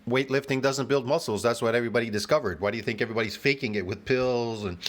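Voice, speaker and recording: A man's voice: medium pitch, quick pace. A man reacting to a video in a mid-range voice, jeering and sarcastic. He keeps repeating his digs and chuckles at his own lines. The sound is plain and clean. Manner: mocking, laughs at his own jokes. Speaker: reaction channel host.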